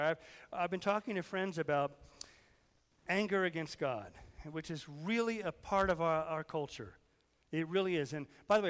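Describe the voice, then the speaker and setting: Hoarse man preaching in an echoing hall. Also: a little high. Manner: conversational preaching, questions to the congregation, swings from loud to hushed. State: hoarse, fighting sickness. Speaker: pastor. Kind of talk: sermon.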